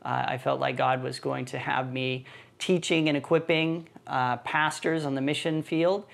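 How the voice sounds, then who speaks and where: A man who is a missionary and church planting team leader, telling his story in a relaxed, easygoing way on a podcast. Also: mid-range voice, normal speed, gravelly. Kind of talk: casual podcast conversation.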